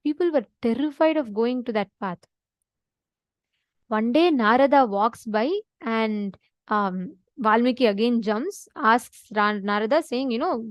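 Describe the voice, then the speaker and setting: Woman giving a spiritual talk, keeps asking the listeners questions, highish voice, dry close sound. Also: unhurried, no echo. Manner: earnest, addresses listeners directly with questions. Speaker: spiritual teacher. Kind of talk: spiritual discourse with storytelling.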